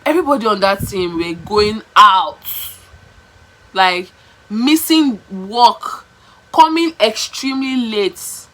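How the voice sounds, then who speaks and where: A woman's voice: mid-range voice, poor audio. Chatty Nigerian woman telling a story. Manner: chatty, animated, repeats herself, slips into pidgin. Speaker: vlogger. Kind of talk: casual storytelling to camera.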